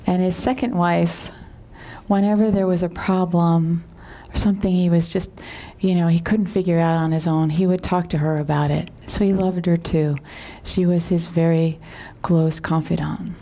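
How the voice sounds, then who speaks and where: A woman yoga teacher telling a parable in a calm, unhurried way, sometimes dropping to a whisper and often asking "right?". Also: on the low side.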